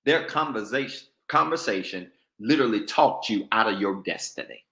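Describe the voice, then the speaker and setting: A man's voice: on the low side, expressive, moderate pace, bright, forceful tone, roomy sound. A man preaching a sermon, calling on his congregation to talk back to him. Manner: call-and-response preaching, goading the congregation. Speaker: pastor.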